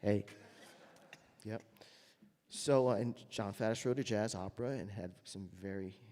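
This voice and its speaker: Low-voiced man telling stories in a hall. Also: a little slow, a little hiss or hum. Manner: storytelling, acts out quoted voices loudly. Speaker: jazz trumpeter telling his story. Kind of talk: anecdotal talk to an audience.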